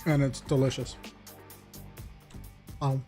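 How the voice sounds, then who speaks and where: A man's voice: medium pitch, level tone, takes it slowly, dark tone. A young man with a Puerto Rican accent, a Spanish speaker, chatting casually and self-deprecatingly while streaming a game. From Puerto Rico. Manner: rambling, self-deprecating, joking. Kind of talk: casual gaming stream chat. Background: game music.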